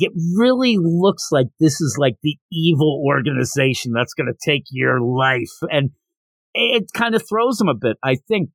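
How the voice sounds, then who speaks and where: A man hosting a podcast, talking through a manga in a chatty, opinionated way as he recaps scenes. His voice is a little higher than most men's. The sound is dry and close, with no room. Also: no room sound. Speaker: podcast host reviewing manga. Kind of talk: casual review commentary.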